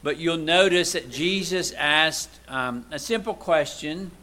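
Speaking at a measured pace, a man preaches conversationally. His sermon mixes rhetorical questions aimed at the congregation with shifts from forceful, loud statements to soft, low-voiced asides.

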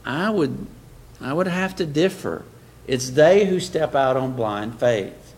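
Male preacher, gravel in the voice, emphatic, poses rhetorical questions to the congregation. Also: medium pitch, fairly bright tone. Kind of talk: sermon-style lecture.

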